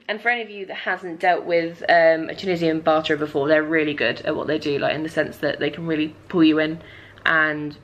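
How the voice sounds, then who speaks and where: A woman's voice: low-pitched, a bit bright, dull audio. A young woman vlogger telling a travel story to camera in a chatty, casual way, laughing often and dropping dry asides.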